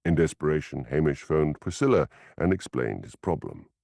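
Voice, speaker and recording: Deep gravelly male audiobook narrator, lively delivery, close and dry. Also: normal speed, dry recording. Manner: expressive storytelling. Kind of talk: scripted narration.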